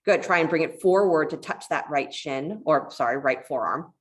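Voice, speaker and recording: A woman teaching a yoga class, giving calm, encouraging cues and telling a short parable along the way. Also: low voice, normal speed. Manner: calm, encouraging cueing with a parable told in between.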